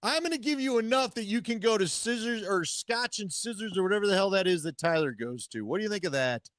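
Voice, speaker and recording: A man's voice: high voice, lively intonation, quick pace, fairly bright tone, no room sound, studio quality. A man co-hosting a casual sports talk show, teasing his partner and telling jokey stories. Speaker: co-host. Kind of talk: casual chat.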